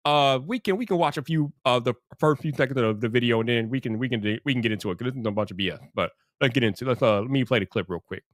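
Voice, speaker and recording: A man's voice: medium pitch, quick pace, few pauses, no room sound, studio quality. A man hosting a casual livestream, greeting chat viewers by name and sounding exasperated. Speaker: livestream commentary host.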